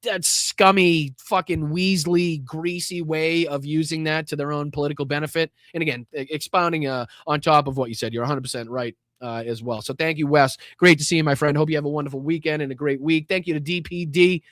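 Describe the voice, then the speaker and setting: A man's voice: on the high side, steady tone, brisk, hardly any pauses, a bit bright, no echo, studio quality. A middle-aged man with a Boston accent hosting a casual live stream, swearing freely, thanking viewers by name and stumbling through fillers and restarts. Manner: blunt and profane, thanks chatters by name, many fillers and restarts. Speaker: live-stream host reading viewer donations.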